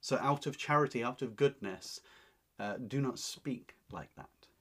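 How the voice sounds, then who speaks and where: A man's voice: medium pitch, unhurried, fairly bright tone, breathy edge. A man teaching a lesson, explaining a play line by line in an emphatic, paraphrasing way. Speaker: literature teacher.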